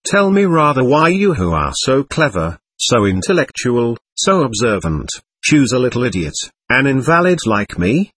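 A man reading a storybook, voicing an excitable, teasing young invalid woman with quick, playful talk. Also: mid-range voice, slightly rough, dry recording. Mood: earnest.

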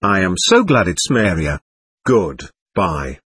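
A man's voice: deep voice, big pitch swings, slow pace, fairly bright tone, breathy edge, dry recording, pitched below the performer's own voice, exaggerated voice. A man voicing a bold, cocky teenage schoolboy who talks in a lofty, mocking way. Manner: lofty, mocking and self-assured.

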